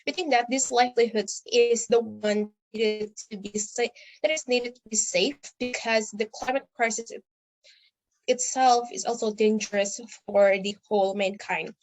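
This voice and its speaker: Female student delegate, slightly high pitch, formal prepared speech with halting restarts. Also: fairly even intonation, rough recording.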